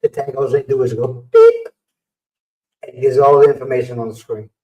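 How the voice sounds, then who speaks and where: A man hosting a casual livestream who tells stories in a lively way and acts out what people said. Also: medium pitch, normal speed. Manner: animated storyteller acting out quotes. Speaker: livestream host. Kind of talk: casual storytelling chat. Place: home livestream setup. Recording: roomy sound from a distant mic.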